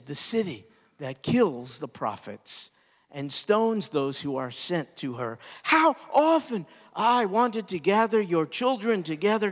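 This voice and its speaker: A man preaching a sermon, impassioned, climbing to emphatic peaks and then dropping low and quiet. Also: long reverb tail. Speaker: pastor.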